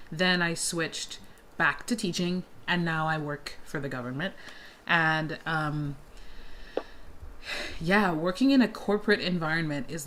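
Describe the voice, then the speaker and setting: A woman from Canada in a casual video-call chat, explaining her thoughts in a measured way. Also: deep voice, a bit bright, slight background noise. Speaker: guest.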